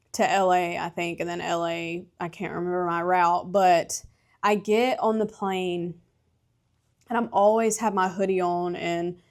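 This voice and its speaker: A young woman hosting her own podcast, chatting candidly about her life and travels, laughing often and swearing freely. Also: fairly low pitch. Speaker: podcast host. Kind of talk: casual solo podcast chat.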